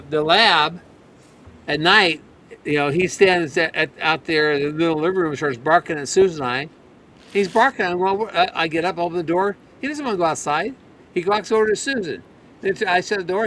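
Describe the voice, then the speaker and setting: Male, high-pitched, rambling storyteller in a casual chat, faint rumble behind. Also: brisk, fairly bright tone. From rural farm background. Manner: rambling storyteller, mimics his dogs.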